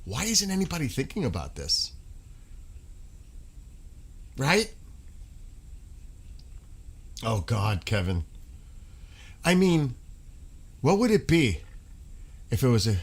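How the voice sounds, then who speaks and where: A man's voice: medium pitch, huge pitch swings, slow, pauses often, breathy edge. A man hosting a live stream, chatting casually with viewers, laughing often and breaking into bits of song. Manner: laughing, rambling, breaks into sung snippets. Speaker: livestream host.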